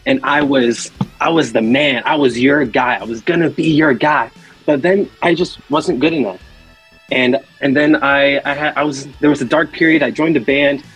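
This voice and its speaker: A man's voice: medium pitch, moderate pace, a bit bright, husky, soft background music. A man voicing a self-important male wrestler in a rambling, boastful monologue. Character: self-important male wrestler bragging about his comeback.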